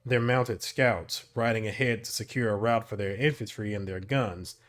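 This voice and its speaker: A man doing a gruff, belligerent rifle officer. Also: fairly low pitch, moderate pace, a bit bright, lightly acted. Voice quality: rough, gruff. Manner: coarse and belligerent, growling. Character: rough scarred male rifle officer, belligerent.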